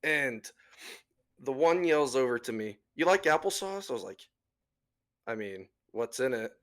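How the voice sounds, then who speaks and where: Young man, crude storyteller, podcast co-host on a call mic, average pitch. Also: measured pace. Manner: crude, animated, acts out quoted voices. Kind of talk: casual storytelling over a voice call. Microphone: desktop mic on a voice call.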